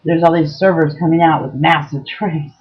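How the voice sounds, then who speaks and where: A woman's voice: sits low, level tone, moderate pace. Blunt, profane woman vlogger, lo-fi sound. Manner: blunt, profane, lots of ums. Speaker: vlogger giving dating advice. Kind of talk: casual storytelling to camera.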